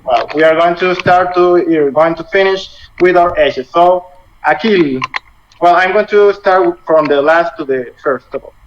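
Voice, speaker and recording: Halting young man teaching over video call. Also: fairly high pitch. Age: 20s. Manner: halting, repeats and rephrases while explaining. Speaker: Spanish teacher. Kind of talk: online language lesson. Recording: muffled video call audio with faint noise.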